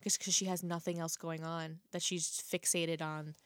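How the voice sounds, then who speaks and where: A woman's voice: low-pitched, flat delivery, moderate pace, fairly bright tone, no room sound. A woman in a casual conversation reflecting on a film's story and its themes. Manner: conversational, reflective, with frequent fillers. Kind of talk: casual film discussion.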